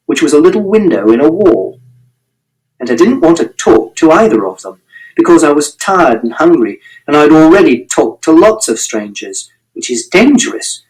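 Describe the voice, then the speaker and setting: A man reads a story aloud with careful, literal precision. His fairly high voice moves widely in pitch and keeps an even rhythm as he narrates. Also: low-quality recording. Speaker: reader. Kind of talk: audiobook reading.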